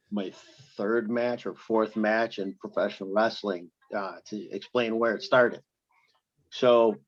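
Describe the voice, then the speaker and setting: Lo-fi middle-aged wrestler telling stories. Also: male voice, lowish voice, no echo. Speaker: guest, veteran pro wrestler. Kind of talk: casual interview storytelling.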